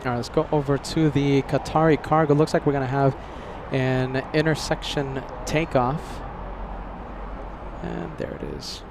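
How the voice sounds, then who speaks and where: Faint outdoor traffic and vehicle sounds surround an American livestream host chatting casually at an airport and thanking viewers. He speaks a little slowly in a mid-range, gravelly voice with a steady tone.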